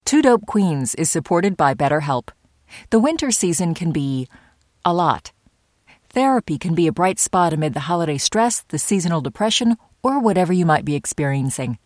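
A woman reading a scripted sponsor ad in a smooth, measured way. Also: on the low side, animated, a little mellow, dry recording, studio quality. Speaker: ad reader. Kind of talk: scripted ad read.

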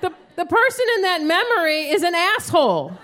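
A woman performing a stand-up comedy set, telling stories animatedly and acting out her own yelling. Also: extremely high pitch, huge pitch swings, moderate pace, a faint crowd. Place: live comedy stage with an audience. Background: audience laughter.

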